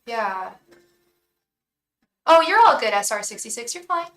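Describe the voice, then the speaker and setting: A woman's voice: a little high, very animated, a little slow, a bit bright, distant mic. A woman reading tarot on a live stream, chatting with viewers, thanking donors by name and chanting invocations to spirit guides.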